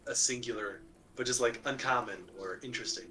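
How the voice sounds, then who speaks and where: Fast-talking man at a game table. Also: mid-range voice, bright, forceful tone, a little hiss or hum. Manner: quick, loose phrasing with fillers. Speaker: player. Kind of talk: casual chat at a game table.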